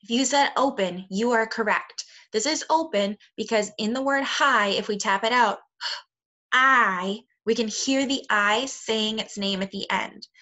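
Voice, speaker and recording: A woman with a bright, clear voice leads a remote phonics lesson for second graders. She talks slowly and plainly, sounding words out and praising the kids often. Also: on the high side. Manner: slow, clear, encouraging teacher talk to young children.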